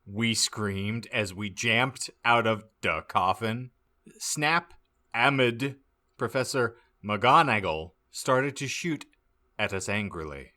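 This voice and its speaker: A man reading a badly written story aloud as a comic audiobook, deadpan and stumbling over misspelled words. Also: lowish voice, takes it slowly. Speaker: podcast host reading aloud.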